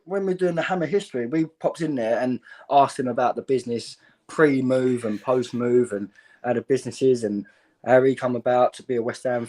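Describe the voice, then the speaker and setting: A man's voice: mid-range voice, darkish tone. A man, a regular on a football fan show, chats in an easygoing way. His voice sits in the middle of the male range. He tells long, rambling stories full of "um" and "and whatnot.". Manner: chatty, rambling storyteller. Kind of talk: casual football chat.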